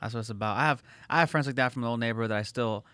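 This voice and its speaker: Fast-talking swearing male podcast host. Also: medium pitch, sharp tone, no room sound. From Los Angeles. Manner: fast, rambling, swears a lot, acts out voices for laughs. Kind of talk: casual chat.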